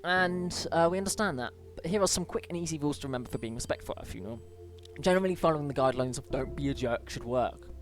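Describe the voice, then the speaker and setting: A British gamer casually commenting on a game and reading on-screen emails aloud, with chatty asides, small stumbles and sudden lifts in pitch. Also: expressive, fast talker, faint music behind. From Britain. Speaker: let's play gamer.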